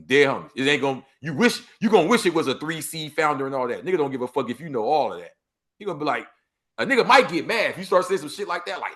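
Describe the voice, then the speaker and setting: A man from Los Angeles with a Los Angeles accent, a podcast guest talking in an animated way, acting out quoted street talk with heavy slang. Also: fairly high pitch, very fast. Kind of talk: casual storytelling interview.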